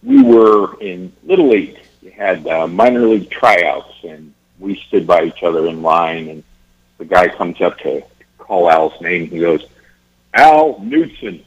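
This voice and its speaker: A man guest on a radio talk show, talking casually and haltingly with many fillers. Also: deep voice, animated, slightly rough. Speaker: event organizer guest. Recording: dull lo-fi radio audio.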